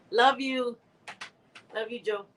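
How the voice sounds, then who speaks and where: A woman's voice: on the high side, sing-song, extremely slow, fairly bright tone, slight background noise, poor audio. A middle-aged woman hosting a casual livestream from home on a close phone mic, laughing often, reading comments aloud and dropping in Spanish words. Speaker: livestream host.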